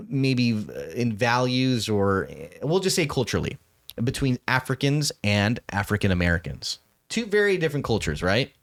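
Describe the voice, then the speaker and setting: Rambling podcast host with a lively pitch. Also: male voice. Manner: rambling, halting, with many restarts and laughs. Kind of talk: casual chat.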